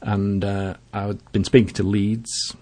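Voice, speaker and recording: A plain-spoken man in casual chat about flying, calling himself a rough-edged sort of chap. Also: on the low side, flat delivery, takes it slowly, a little mellow, slight background noise. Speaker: podcast co-host, private pilot.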